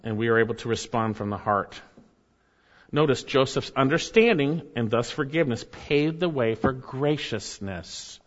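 A man's voice: mid-range voice, expressive, moderate pace, highs cut off. Earnest male preacher in a reverberant hall. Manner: earnest preaching with rising emphasis and asides. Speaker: pastor. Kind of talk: sermon.

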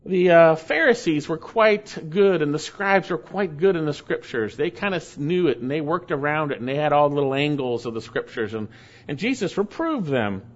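High-voiced preacher, emphatic and repetitive. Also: male voice, lively intonation. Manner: emphatic, repeats key phrases, shifts between slow stress and quick asides. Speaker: pastor. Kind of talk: expository sermon. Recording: dull lo-fi sermon recording.

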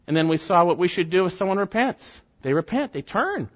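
Earnest pastor in an echoing church. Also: male voice, sits high, animated. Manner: earnest, deliberate, with gentle asides. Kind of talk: expository sermon with scripture reading. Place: church sanctuary. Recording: long reverb, dull lo-fi sound.

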